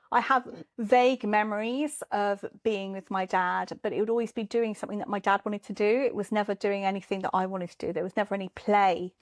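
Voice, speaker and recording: A woman, telling parenting stories in a candid, animated conversation. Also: medium pitch. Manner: animated storyteller, acts out quoted voices. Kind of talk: candid casual chat.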